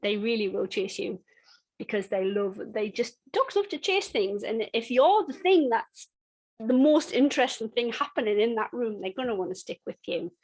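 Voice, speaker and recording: A middle-aged woman giving a dog-training webinar in a chatty, conversational way, with frequent restarts and lively bursts when acting out games. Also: on the high side, normal speed, poor audio. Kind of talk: webinar teaching.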